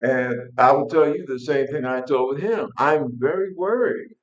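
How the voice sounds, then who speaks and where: A man's voice: mid-range voice, measured pace, echoey room, highs cut off. An older man from New York, angry and blunt, ranting casually to his viewers with frequent restarts. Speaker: vlog host. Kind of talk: casual political rant to camera.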